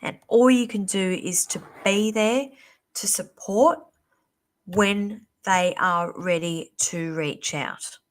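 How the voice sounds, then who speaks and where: A woman hosting a live-stream psychic reading, chatty and reassuring, calling viewers darling, her voice going a little hoarse. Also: mid-range voice, takes it slowly. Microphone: computer or phone mic on a live stream.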